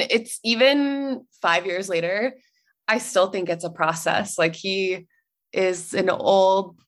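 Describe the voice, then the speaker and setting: A young woman, a podcast guest, telling a personal story in a chatty way, full of likes and ums and quick laughs. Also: mid-range voice, a bit bright. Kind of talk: casual storytelling.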